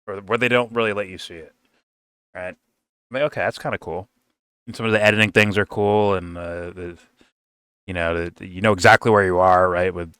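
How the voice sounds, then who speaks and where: A man's voice: low-pitched, a bit bright, clear, resonant tone, dry recording, studio quality. A man giving a casual, rambling film review, swearing freely and laughing often.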